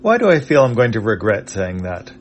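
A man's voice: lowish voice, sing-song, a little fast, slight background noise. A man reading a harried male starship captain from a comic strip in a curt, raised voice. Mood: rueful.

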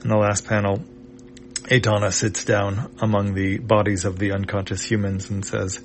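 A man reading a sci-fi comic aloud panel by panel in a halting way, with pauses and fillers. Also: lowish voice, flat delivery, a little hiss or hum. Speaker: comic reader.

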